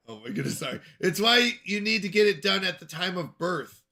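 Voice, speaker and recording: An American man chats casually on a gaming livestream, drifting from topic to topic as he replies to viewers. His voice sits high and sounds bright and forceful. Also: moderate pace. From United States. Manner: rambling, answers chat questions aloud. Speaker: streamer.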